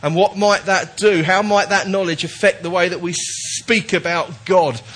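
A man's voice: sits high, steady tone, normal speed, a bit bright. A man preaching a sermon to his church, emphatic and repetitive, often restarting his words. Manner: emphatic, repetitive, with false starts. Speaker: pastor.

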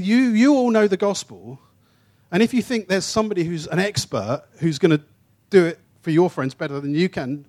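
Male preacher from England, slightly high voice, informal teaching sermon, stumbles and restarts, speeds through asides, slows on key points. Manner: shifts between quick asides and slow, emphatic phrases. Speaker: traveling preacher.

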